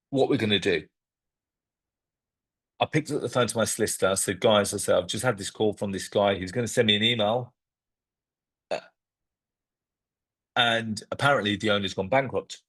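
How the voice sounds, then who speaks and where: Man, low husky voice, property investor, animated storytelling, acts out phone calls. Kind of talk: storytelling to camera.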